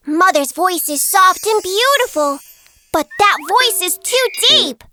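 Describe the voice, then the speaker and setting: Squeaky little goat kid, sharp and lively, cartoon. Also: female voice, unhurried, no echo, heavily acted. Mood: alarmed. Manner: bright, eager, bold. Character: small clever young goat kids. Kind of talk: children's cartoon storybook voice acting. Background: background music.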